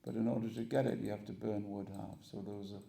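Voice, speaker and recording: Man, preacher, gravelly deep voice, acts out story characters, echoey hall. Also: fast talker. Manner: animated storyteller acting out characters. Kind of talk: storytelling sermon. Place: temple hall with audience.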